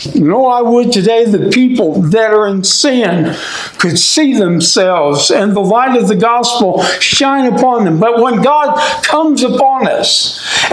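A male preacher giving a sermon who keeps saying "my friend" and "today" and rises to shouts at high points. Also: roomy sound, poor audio.

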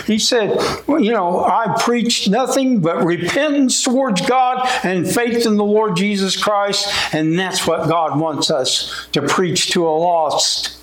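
Man, preacher, sermon, high voice, folksy, lifts his voice on scripture quotes, echoey room.

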